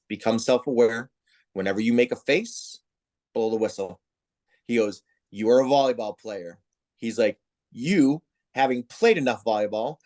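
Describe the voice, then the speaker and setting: A man who heads volleyball officiating, telling stories in a casual interview and acting out the people he quotes. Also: mid-range voice. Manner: animated storyteller, acts out quoted voices. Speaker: head of volleyball officials, guest.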